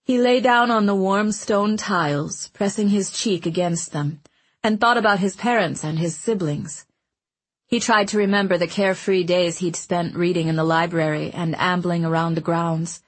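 A woman reads a storybook aloud with a slightly husky, breathy voice. Her pitch sits on the low side for a woman, and she tells the story in a gentle, measured way. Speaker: audiobook narrator. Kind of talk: scripted narration.

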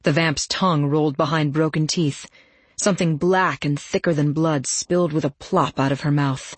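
A woman reading a first-person novel aloud in a steady, even storytelling voice. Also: low-pitched, normal speed, slightly rough, no room sound. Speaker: audiobook narrator.

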